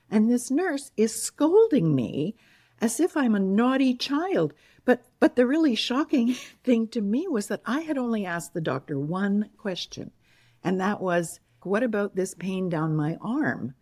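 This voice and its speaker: An older woman telling her own story as an interview guest, lively and animated, laughing now and then and acting out what people said. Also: low voice. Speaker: guest, heart attack survivor and author.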